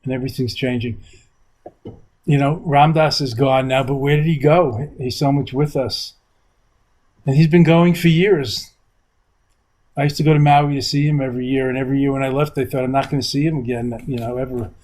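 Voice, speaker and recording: Older male meditation teacher, rambling reflective interview talk, middle pitch. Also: fairly even intonation, brisk, a little mellow, rough recording. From New York, USA. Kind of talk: reflective conversation. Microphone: video call.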